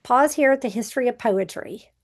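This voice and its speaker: A woman's voice: on the high side, a little fast. A woman teaching a recorded grammar review, patiently explaining step by step with example sentences.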